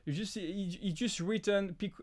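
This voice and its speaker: A man with a French accent, French as his first language, hosting a live prop-making Q&A in a halting way, with many restarts and fillers. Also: sits high. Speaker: prop-making channel host. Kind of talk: live stream Q&A chat.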